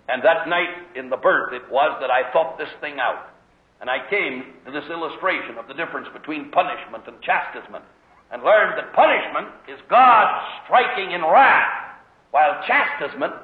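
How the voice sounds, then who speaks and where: Middle-aged preacher on a tinny, echoey recording. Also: male voice, on the high side, normal speed. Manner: animated storytelling with emphatic rhetorical questions. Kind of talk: sermon.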